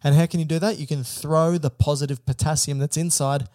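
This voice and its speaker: A man co-hosting an educational podcast, explaining things in plain steps and asking prompting questions in a relaxed chat. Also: fairly high pitch, brisk, no echo, studio quality. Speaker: podcast co-host.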